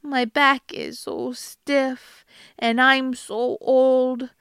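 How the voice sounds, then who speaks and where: A woman voicing a sly, greedy old female troll hag who talks slowly and wheedles. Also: high-pitched, a bit bright, dry recording, studio quality. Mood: wheedling.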